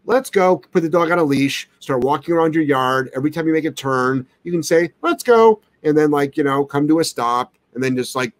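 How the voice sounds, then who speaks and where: A man's voice: on the high side, fairly even intonation, fairly quick, few pauses, no echo. Blunt, brash man on a dry mic. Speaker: dog trainer, show host. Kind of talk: live-stream Q&A.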